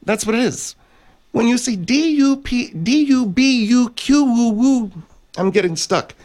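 A man's voice: extremely high pitch, animated, normal speed, voice pushed up. A man voicing a cranky, foul-mouthed old woman who sounds prim but swears. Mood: testy. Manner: prim but profane, testy.

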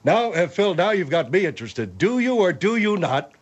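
A man's voice: high voice, big pitch swings, moderate pace, slightly rough, heavily acted. A man voicing a nosy, hesitant male regular who pries and hems in comedic talk radio role-play. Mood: prying. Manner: hesitant, prying.

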